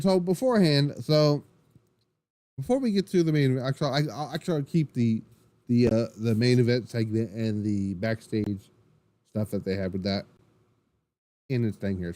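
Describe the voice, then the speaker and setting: Excitable man rambling through a wrestling recap. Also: mid-range voice, no room sound. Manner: rambling, excitable, frequent restarts and profanity. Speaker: wrestling podcast host. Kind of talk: casual solo recap.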